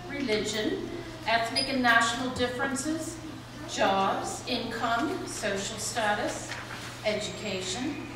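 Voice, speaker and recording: Woman performing a scripted rant on stage, fairly high, recorded far off with background noise. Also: heavy reverb. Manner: impassioned listing, rising emphasis.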